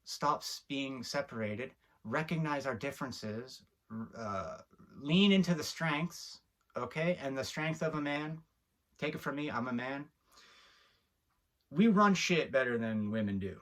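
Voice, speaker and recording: A man's voice: medium pitch, lively intonation, unhurried, fairly bright tone. A man hosting a video, giving a heated, preachy commentary straight to camera and getting worked up as he talks. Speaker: video host.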